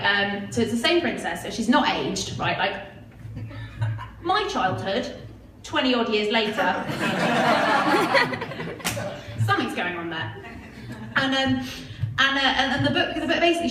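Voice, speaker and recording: A woman in her twenties tells stand-up stories in a high, bouncing voice with wide pitch swings, self-mocking and chatty. She sounds a little distant from the mic in an echoey club. The crowd's noise fills the room behind her. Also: a bit bright. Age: 20s. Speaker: stand-up comedian. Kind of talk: stand-up comedy set. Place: comedy club stage. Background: audience laughter.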